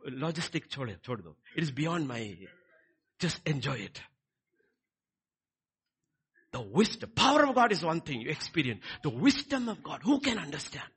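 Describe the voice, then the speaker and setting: A man preaching a sermon, swinging between quiet lines and loud, emphatic ones. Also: fairly high pitch, sing-song, normal speed, long pauses, breathy edge. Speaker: pastor.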